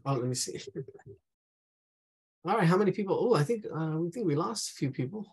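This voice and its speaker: Husky, gravelly man teaching drawing. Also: on the high side, expressive, fairly quick, a little mellow. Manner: casual, hums and talks to himself while sketching. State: losing his voice, clearing his throat. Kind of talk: live online drawing class.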